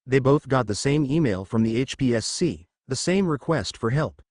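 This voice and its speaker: Man narrating a fan story, lively pitch. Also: normal speed, dry recording, studio quality.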